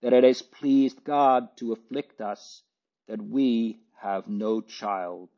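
A man voicing a burly, good-natured Frenchman who speaks gravely, formally and haltingly, on a dull lo-fi recording. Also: medium pitch.

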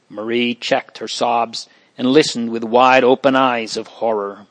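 A man narrating a storybook in an audiobook reading, with a measured, even delivery. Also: mid-range voice, low-quality recording.

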